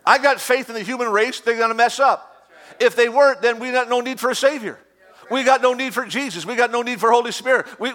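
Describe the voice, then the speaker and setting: A male pastor delivers a sermon in a notably high voice. He drives his points home with repetition and loud emphasis, then eases into humorous asides.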